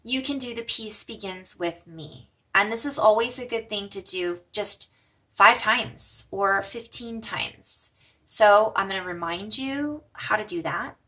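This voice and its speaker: A woman gently teaching simple breathing exercises, slowing and softening her voice for the mantra lines. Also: medium pitch, far from the mic. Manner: gentle, slows and softens for mantras, fades to whispers. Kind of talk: guided breathing lesson.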